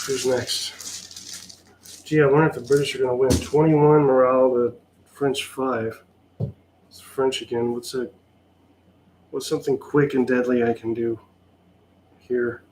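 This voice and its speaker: A man talks through his solo tabletop wargame at a slow, drawn-out pace, his tone dry and sarcastic. He sounds mildly exasperated as he calls out each turn. Faint noise sits underneath his voice. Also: mid-range voice, flat delivery, darkish tone. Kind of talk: casual play-by-play of a tabletop game.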